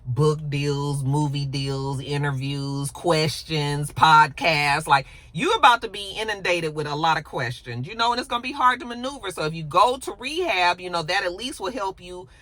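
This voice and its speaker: A woman's voice: sits low, expressive, moderate pace, hardly any pauses, fairly bright tone, no echo. Woman putting on a firm, caring lawyer lady. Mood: insistent. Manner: insistent, reassuring.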